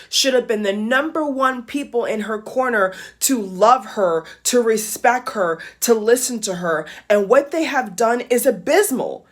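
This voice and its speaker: Fiery woman ranting on camera. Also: on the high side. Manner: fiery, emphatic, repeats phrases for emphasis, swears. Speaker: YouTube commentator. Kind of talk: impassioned vlog commentary.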